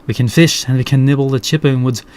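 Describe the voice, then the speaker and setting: A man's voice: medium pitch, fairly even intonation, quick pace, a little mellow, close to an everyday voice. A man voicing a tough female rat drill sergeant with a Scottish accent, speaking bluntly. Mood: gruff.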